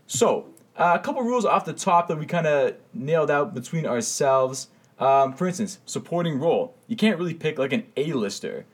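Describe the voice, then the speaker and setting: A man's voice: on the high side, sing-song, breathy edge. A man co-hosting a podcast from a studio, introducing guests like a boxing announcer and rattling through the rules in casual chat. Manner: hyped boxing-announcer delivery in intros, rapid rule explanations. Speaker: podcast co-host.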